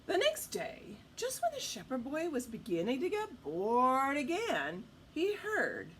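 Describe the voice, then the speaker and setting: Animated woman reading a storybook to kids. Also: sits high, unhurried, a little hiss or hum. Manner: animated, asks the listener questions. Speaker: storytime reader. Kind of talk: read-aloud storytime for children.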